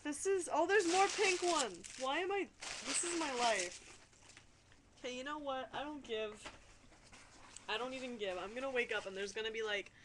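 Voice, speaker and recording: A young woman talking casually to her webcam, excitable, giggly and swearing freely while she opens a package in her room. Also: high-pitched, moderate pace, long pauses, noisy background. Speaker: vlogger.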